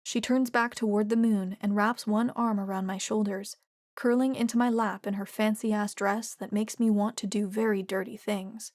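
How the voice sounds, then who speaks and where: A woman narrating a romance audiobook in a steady, expressive reading. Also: mid-range voice, moderate pace, dry recording, clean studio sound. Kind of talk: scripted narration.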